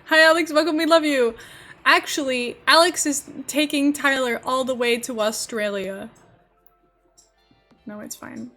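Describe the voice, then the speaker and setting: Brief: young woman streamer, slightly high voice, chatty and giggly, faint music under her. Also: a little slow, bright, forceful tone. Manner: chatty and giggly, rambling to chat while building. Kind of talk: casual live-stream chat.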